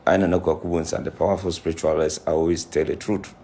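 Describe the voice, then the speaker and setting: A man's voice: deep voice, level tone, fast talker, warm tone, slight background noise. A man speaking as a spiritualist in an impassioned monologue to camera, emphatic and repetitive as he scolds. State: says he is crying. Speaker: self-styled spiritualist.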